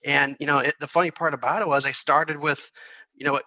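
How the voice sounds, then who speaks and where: A man's voice: on the high side, fairly quick, lo-fi sound. A man, a firm's chief executive, telling a story as a podcast guest, with frequent restarts and repeated words. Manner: repeats words and restarts often, animated retelling. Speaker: podcast guest, accounting firm CEO. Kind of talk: storytelling in a casual interview.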